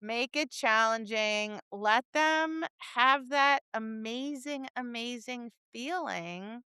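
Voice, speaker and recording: A woman co-hosting a dog training podcast, chatting casually and acting out her students and dogs in lively voices. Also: fairly high pitch, takes it slowly, clear, resonant tone, no room sound. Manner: animated storyteller, acts out voices, laughs and swears. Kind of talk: casual chat.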